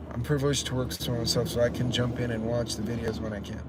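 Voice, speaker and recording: A man's voice: medium pitch, level tone, a little fast. A man hosting a casual live stream, telling a rambling story and greeting chat viewers by name. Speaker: channel host. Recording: loud traffic and street noise. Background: loud outdoor street and traffic noise.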